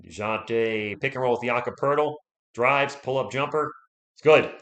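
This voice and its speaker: Guy, bright tone, fan play-by-play caller, erupts into shouts on big plays, voice going hoarse. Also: mid-range voice, unhurried. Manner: excitable, swings from calm calls to shouting at big plays. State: losing his voice. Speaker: livestream play-by-play host.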